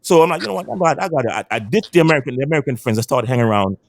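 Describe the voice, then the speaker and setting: A man from Antigua with a West Indian accent, telling animated stories in a casual podcast chat and often repeating himself. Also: mid-range voice, rapid-fire, gravelly. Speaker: podcast panel guest.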